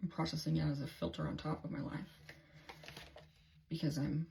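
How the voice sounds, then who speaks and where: Low-voiced woman rambling through a tarot reading. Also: little pitch movement, moderate pace, gravelly, mellow, slight background noise. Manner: candid, rambling, swears freely, self-talk. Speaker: tarot reader. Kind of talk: casual tarot reading video diary.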